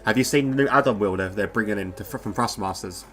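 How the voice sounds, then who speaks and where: A man's voice: fairly low pitch, quick pace, fairly bright tone, faint music behind. A man giving casual live commentary on a sim race, chatting in a rambling way with lots of fillers, speaking into a wireless headset.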